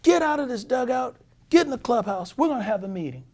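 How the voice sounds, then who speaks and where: A man impersonating a furious, foul-mouthed older baseball manager who scolds his team in a loud, gravelly voice. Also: high voice, big pitch swings, normal speed, voice pushed up. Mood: scolding. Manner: yelling, scolding.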